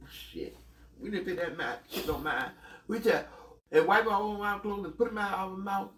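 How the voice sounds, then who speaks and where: A man's voice: high-pitched, expressive, brisk, fairly bright tone, echoey room, recorded from a distance, slight background noise. A man, rambling through profane, laughing childhood memories. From Mississippi, US South. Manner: rambling, profane, laughs often mid-story. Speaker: storyteller. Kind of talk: casual reminiscing.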